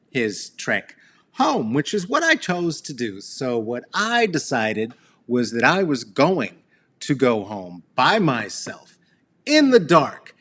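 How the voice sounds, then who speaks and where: Slow, reflective man telling a story outdoors. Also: medium pitch, fairly bright tone. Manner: slow, wandering, with laughs and fillers. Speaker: host. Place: outdoors beneath a tree.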